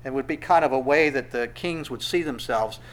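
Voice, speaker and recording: A male pastor preaching a sermon, animated and emphatic, with sudden loud bursts. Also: medium pitch, normal speed.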